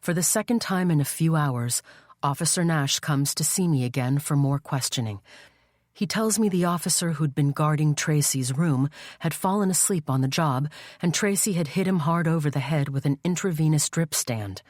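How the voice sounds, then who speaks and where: Low-voiced woman narrating a thriller. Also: normal speed, darkish tone, dry recording. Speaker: audiobook narrator. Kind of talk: scripted first-person thriller narration. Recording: dry studio voice-over.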